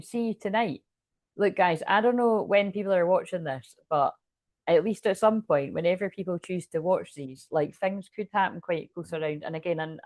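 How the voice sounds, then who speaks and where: A woman's voice: lowish voice, no room sound, clean studio sound. A Scottish woman giving a casual, rambling tarot reading to camera. She often breaks into laughter. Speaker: tarot reader.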